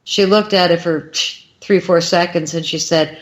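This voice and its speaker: A woman guest on a radio show, telling a personal story in an excitable way and acting out the lines of the people in it. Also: on the low side, moderate pace, few pauses. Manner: excitable, acts out quoted dialogue with shifting voices. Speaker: guest, crop circle filmmaker.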